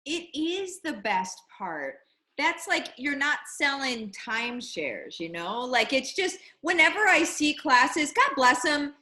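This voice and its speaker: A woman hosting a casual conversation, her voice bright and a little high. She talks in an animated, emphatic way, piling on fillers as she goes. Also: slow, roomy sound, poor audio. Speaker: host. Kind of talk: casual chat.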